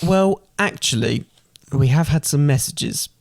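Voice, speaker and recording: A man's voice: a little high, expressive, a little slow, gravelly, dry recording. A son co-hosting a casual podcast with his father. He teases in a dry way and reads out messages from listeners. His voice is recorded close and dry, with no room sound. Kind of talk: casual chat.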